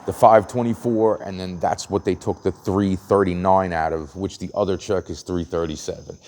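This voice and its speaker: A man's voice: sits low, steady tone, normal speed, darkish tone. A man telling a long story in a ranting monologue, swearing heavily, restarting his sentences and acting out quotes. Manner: heavy swearing, frequent restarts, acts out quotes. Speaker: vlogger. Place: outdoors at a train station at night.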